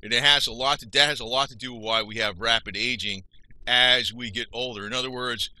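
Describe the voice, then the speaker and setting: Man, very bright tone, middle pitch, casual rambling health talk, lots of restarts. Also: fairly even intonation, fairly quick, dry recording, poor audio. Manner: rambling, with many restarts and self-corrections.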